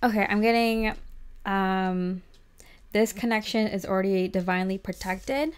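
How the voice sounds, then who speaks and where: A woman does a casual pick-a-card tarot reading, chatty and giggly, saying "like" constantly. Her mid-range voice is clear and resonant, steady in tone and measured in pace.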